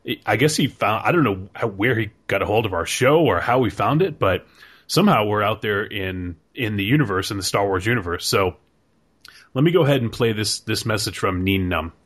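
Laid-back male podcast host, low voice, easygoing delivery. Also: a little fast. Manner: relaxed, hesitant with fillers. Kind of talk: casual chat.

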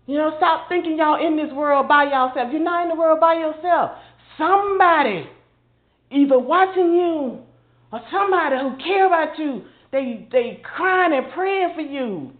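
An older woman preaches in a high voice, impassioned and conversational. The sound is thin and phone-like, with a roomy echo around her. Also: expressive, moderate pace. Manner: impassioned, conversational, mimics others in mocking asides. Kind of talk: informal sermon. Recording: phone-quality audio in an echoey room.

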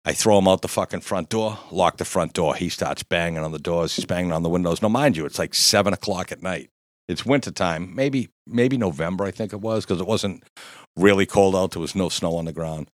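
A man's voice: low-pitched, fairly quick, no echo, clean studio sound. A man in his fifties telling a rowdy, profane story in casual chat, laughing as he goes. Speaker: guest storyteller.

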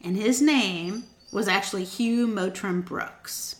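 A woman's voice: mid-range voice, slow pace. A young woman hosting a podcast, telling a true crime story in a playful, teasing way and quizzing her co-host. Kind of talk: casual storytelling chat. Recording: echoey room with faint noise.

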